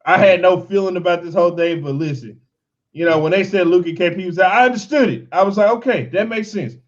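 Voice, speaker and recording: A man hosting a casual fan show, commenting on game highlights in an animated, exasperated, joking way. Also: quick pace, dull audio.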